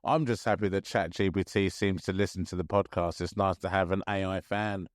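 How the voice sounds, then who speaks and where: A man in his thirties co-hosting a podcast, with a fairly low voice. He chats casually, laughs often and restarts his sentences. Close, dry mic. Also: fairly even intonation, fairly quick, dry recording. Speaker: podcast co-host. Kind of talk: casual chat.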